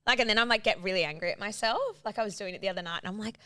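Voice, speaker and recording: Bright, quick-talking woman. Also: medium pitch, no room sound, studio quality. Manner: candid, swears freely, acts out quoted exchanges. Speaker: podcast co-host. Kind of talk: casual chat.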